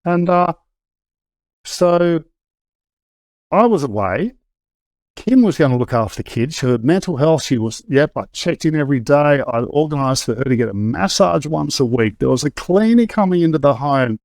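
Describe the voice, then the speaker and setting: A man's voice: on the high side, lively intonation, moderate pace, darkish tone, dry recording. Middle-aged aussie guy talking it through, dead dry sound, stops and restarts a lot. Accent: Australian. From Australia. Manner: conversational, with frequent restarts and fillers. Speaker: guest. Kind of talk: candid personal storytelling.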